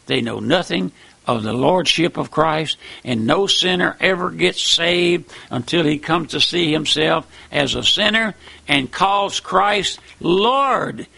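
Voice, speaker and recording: High gravelly-voiced preacher man. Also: slow. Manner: fervent, emphatic with wide swings in loudness. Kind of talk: sermon.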